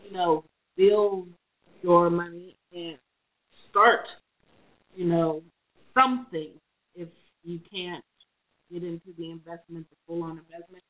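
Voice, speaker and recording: A woman's voice: lowish voice, slow pace, pauses often. A woman co-hosting a podcast who gives money advice in a casual, rambling way, full of "you know"s. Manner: rambling, thinks aloud with many "you know"s. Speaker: podcast co-host. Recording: phone-like lo-fi recording.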